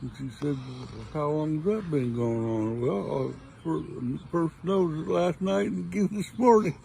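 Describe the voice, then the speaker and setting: An older man with a gravelly, warm, low-toned voice tells folksy, rambling jokes outdoors. Birds and faint outdoor noise sit behind him. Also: lively intonation, moderate pace, rough recording. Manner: folksy rambling delivery with many wells. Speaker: joke teller. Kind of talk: telling dirty jokes.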